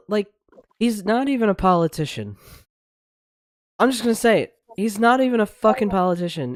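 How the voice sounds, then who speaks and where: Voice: mid-range voice, dry recording. Co-host for a heated rant, blunt and swearing, with a mid-range voice and a dry sound. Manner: angry, swearing, blunt ranting. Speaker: podcast co-host. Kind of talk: heated casual discussion. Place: livestreamed online podcast.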